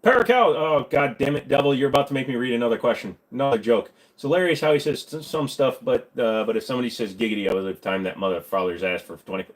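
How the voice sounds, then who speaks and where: A man with a stuffy, congested voice hosting a casual livestream Q&A, joking and rambling with quick asides. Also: mid-range voice, rough recording. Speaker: streamer hosting a Q&A.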